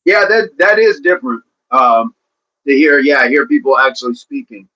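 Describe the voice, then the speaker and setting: A man's voice: mid-range voice, animated, moderate pace, sharp tone, highs cut off. A man hosting a casual livestream, talking to viewers by name and encouraging them. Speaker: livestream host reading chat.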